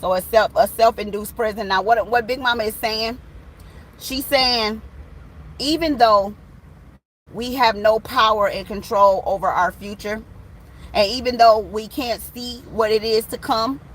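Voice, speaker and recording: A woman's voice: on the high side, unhurried, a little hiss or hum, rough recording. A woman, giving a casual tarot reading to camera and talking bluntly and animatedly straight to her viewers, swearing freely. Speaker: tarot reader.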